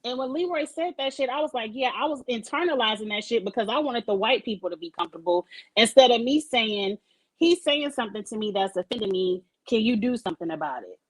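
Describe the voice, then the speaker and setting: A woman's voice: fairly high pitch, animated, a little fast, low-quality recording. A woman hosting a casual live-stream chat over a video call, speaking emphatically and candidly and swearing freely. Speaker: host of a live-streamed talk show; supervisor at work.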